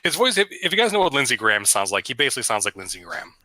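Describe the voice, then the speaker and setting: A man's voice: medium pitch, big pitch swings, rapid-fire, pushed and bright. A man running a tabletop game as dungeon master, narrating casually with lots of fillers over voice chat. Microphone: headset or desk mic on voice chat.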